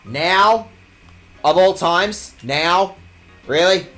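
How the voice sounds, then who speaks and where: A man's voice: sits high, drawn-out words, bright, forceful tone, faint music behind. A young man streaming a video game, swearing and mock-outraged as he reads the game text aloud and talks to chat. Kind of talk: casual let's-play commentary.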